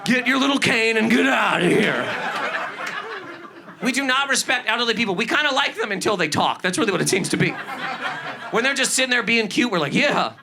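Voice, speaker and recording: A man's voice: very high-pitched, expressive, fairly quick, creaky, pauses often, crowd noise. A man performing a stand-up comedy set, ranting with incredulous, exaggerated delivery. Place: comedy club stage. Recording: live stand-up with audience laughter. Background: audience laughter.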